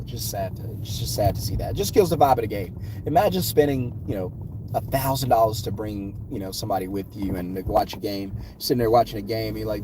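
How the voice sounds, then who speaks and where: A man's voice: mid-range voice, noisy background. A man vlogging his opinions on sports, talking in emphatic, punchy, repeated phrases while in a car. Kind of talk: casual opinion rant.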